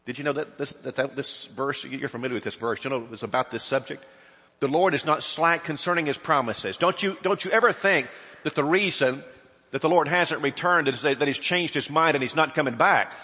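Emphatic preacher in a reverberant hall. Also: male voice, mid-range voice, brisk, slightly rough. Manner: emphatic, rhetorical questions, swings between loud and hushed. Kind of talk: sermon.

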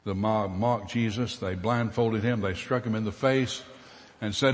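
A man preaching a dramatic sermon, swinging from loud bursts to hushed asides. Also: fairly low pitch, a little slow. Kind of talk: sermon storytelling. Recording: long reverb in a hall.

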